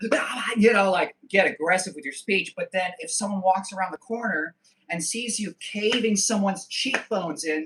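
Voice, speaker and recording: This thirty-something livestream host has a high-sitting, sharp voice. He reads viewer comments aloud, jokes around loosely, swears frequently, and drops quick asides.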